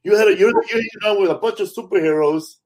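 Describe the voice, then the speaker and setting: His voice sits high and moves quickly as this comedian recounts stories in easygoing conversation. Full of animation, he voices the quotes himself and swears freely.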